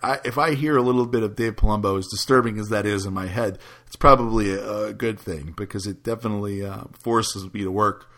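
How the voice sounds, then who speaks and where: A man's voice: lowish voice, fairly even intonation, brisk, few pauses, fairly bright tone. A man chatting casually as a podcast host, telling a rambling story with many restarts and frequent laughs. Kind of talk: casual chat.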